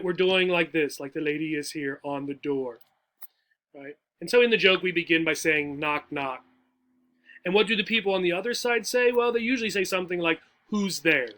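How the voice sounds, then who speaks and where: Explaining jokes to English learners, this adult education teacher speaks slowly and patiently in a high voice with a bright, forceful tone. He keeps checking in with his listeners, guiding the class step by step.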